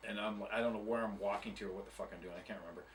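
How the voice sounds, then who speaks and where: A guest musician with a lowish, steady voice talks rapid-fire about his touring days, telling a long, rambling, profane story and laughing at himself in casual chat. He sits far from the mic, and there's a little hiss or hum.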